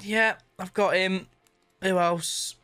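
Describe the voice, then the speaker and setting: A man hosting a gaming video in casual commentary, dramatic and self-pitying one moment, excitable the next. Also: high voice, takes it slowly, smooth, faint music behind. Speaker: gaming channel host.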